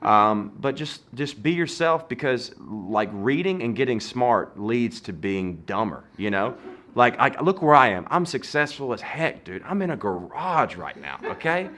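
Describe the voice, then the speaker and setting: A man, telling comedic stories in an animated, playful way, swinging between loud and soft, recorded in a garage. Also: mid-range voice, measured pace, a little hiss or hum. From Southern United States. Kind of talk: comedic storytelling.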